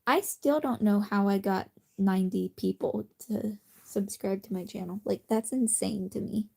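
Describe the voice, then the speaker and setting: A woman chatting casually on a late-night phone livestream from her bed, rambling and self-deprecating, sometimes dropping to a soft whisper. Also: medium pitch, moderate pace, vocal fry, breathy edge. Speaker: streamer. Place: cozy bedroom at night.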